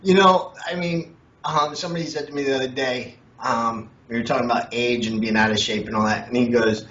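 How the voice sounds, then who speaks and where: A man's voice: a little high, a little fast. A man, a comedian, telling funny stories in an interview and laughing often. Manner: jokey, animated, laughs often. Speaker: comedian guest. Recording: echoey, distant, dull lo-fi with faint noise.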